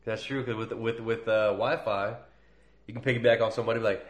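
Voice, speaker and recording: A man's voice: lowish voice, fairly even intonation, fairly quick. A man co-hosting a podcast, chatting casually, rambling and joking with frequent laughs. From Ohio. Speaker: podcast co-host. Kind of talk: casual chat. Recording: echoey room.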